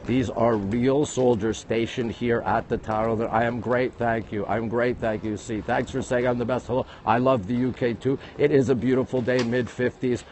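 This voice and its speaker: A man with a New York accent, hosting a live walking tour on his phone, talking quickly and greeting viewers all the time. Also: medium pitch, steady tone, darkish tone. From United States. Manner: rapid-fire, greeting viewers constantly. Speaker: livestream host. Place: outdoors at a busy historic site. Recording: faint outdoor city noise.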